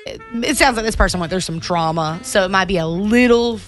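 A woman's voice: mid-range voice, a little fast, soft background music. Chatty young woman radio co-host. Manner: chatty storyteller, emotional, laughs often. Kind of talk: casual morning radio chat.

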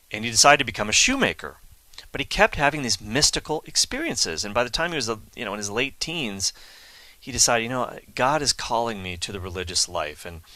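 A Catholic speaker tells a saint's life story in a chatty, enthusiastic, casual way, full of asides and fillers. His voice is lowish and sharp-toned, recorded with no echo.

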